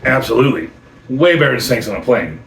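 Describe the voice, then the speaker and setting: A man's voice: mid-range voice, lively intonation, quick pace, creaky, far from the mic, noisy background. Enthusiastic man hosting a roomy beer review. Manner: enthusiastic, repeats himself with restarts. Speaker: host of a beer review channel. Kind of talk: casual beer review chat. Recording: roomy sound from away from the mic.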